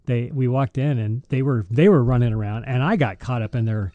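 A man's voice: medium pitch, a little fast, no room sound, dull audio. A man, a deacon, chatting casually about scripture and parish life, telling stories and laughing often. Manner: storytelling, laughs often, restarts sentences. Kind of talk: casual faith podcast chat.

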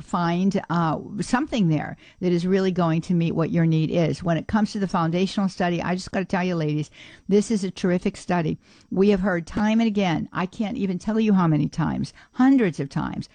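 Radio host lady just chatting away, lots of uhs, lower voice, super dry studio sound. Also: no echo. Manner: chatty and warm-hearted, many "uh" fillers, laughs easily. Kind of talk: casual radio talk and announcements.

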